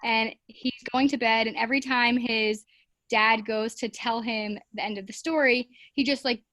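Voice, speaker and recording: A woman's voice: fairly high pitch, steady tone, moderate pace, sharp tone, no echo. A woman teacher chatting casually in an interview, with lots of fillers and playful voices for classroom stories. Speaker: teacher guest.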